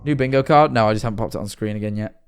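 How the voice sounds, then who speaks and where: A man's voice: on the low side, racing, clean tone, faint music behind. A young man, chatting and joking with viewers during a live-stream reaction.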